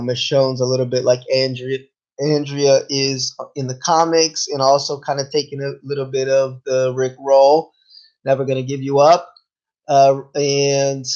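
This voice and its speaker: A man giving a casual, rambling review of a TV episode in a laid-back way, swearing now and then and slowed by hiccups. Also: fairly high pitch, darkish tone, highs cut off. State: has hiccups. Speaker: TV show reviewer.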